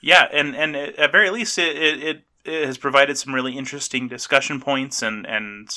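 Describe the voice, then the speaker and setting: A man's voice: mid-range voice, moderate pace, bright, forceful tone. A man co-hosting a horror podcast, chatting casually with jokes and stammered restarts. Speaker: podcast co-host.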